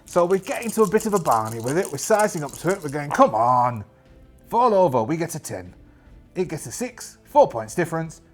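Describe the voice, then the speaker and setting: A man's voice: fairly high pitch, big pitch swings, fairly quick, a little mellow, faint music behind. A man narrating a solo tabletop game in character, chatty and jokey, talking to himself as he rolls dice. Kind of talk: in-character actual-play narration.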